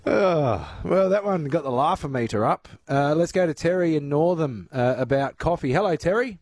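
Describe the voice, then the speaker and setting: A man's voice: fairly high pitch, expressive, moderate pace, darkish tone, dry recording, clean studio sound. A man hosting talkback radio, chatting loosely with callers and slipping in lots of "uh"s. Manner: chatty, filler-heavy. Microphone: studio mic.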